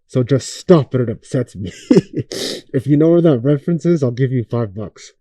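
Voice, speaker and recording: A man's voice: medium pitch, expressive, normal speed, mellow, dry recording. A young man hosting a podcast, ranting in a casual, profane way and firing off rhetorical questions. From Oakland area. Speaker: podcast host.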